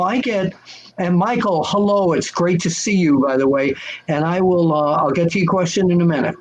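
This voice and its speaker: An older man telling wrestling-magazine stories on a video call, lively and acting out the voices of people he quotes. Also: sits high, rough recording. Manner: animated, acts out quoted voices. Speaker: guest answering fan questions. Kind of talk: casual storytelling chat.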